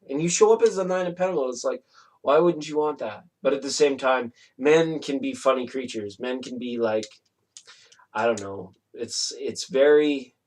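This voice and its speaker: A man giving a casual tarot reading to a viewer, talking in a meandering, reflective way and often softly apologizing. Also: mid-range voice. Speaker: tarot reader.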